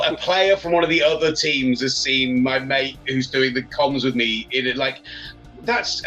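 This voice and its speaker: A man's voice: mid-range voice, pushed and bright. A man, a sports radio presenter chatting enthusiastically as a podcast guest. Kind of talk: casual podcast chat. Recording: slightly dull, lo-fi sound.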